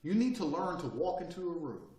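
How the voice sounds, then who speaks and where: A man's voice: a little high, very animated, fairly quick, warm tone, reverberant. A man giving a blunt, profane motivational lecture with an emphatic, swaggering delivery. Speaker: course instructor.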